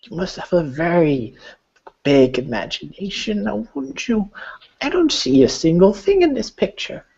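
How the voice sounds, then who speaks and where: A woman's voice: on the low side, very animated, a little slow, gravelly, dark tone, slightly rough, voice pushed up, exaggerated voice. A woman voicing a concerned, cranky-voiced old homeless woman who fusses and shushes. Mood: fussing concerned. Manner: fussing, soothing, shushing. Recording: dull lo-fi sound.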